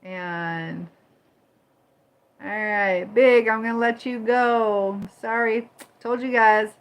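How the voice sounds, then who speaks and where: A woman from Michigan and Indiana hosts a casual livestream, chatting with viewers, greeting them by name, and moderating the chat firmly. Her voice is fairly high and steady in tone, and she speaks slowly.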